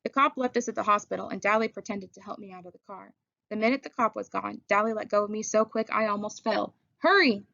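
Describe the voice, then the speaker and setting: A woman narrates a novel in first person with a steady, measured delivery. Her mid-pitched voice has a slightly gravelly texture. The recording is dry and a little dull in tone. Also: dry recording. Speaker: audiobook reader.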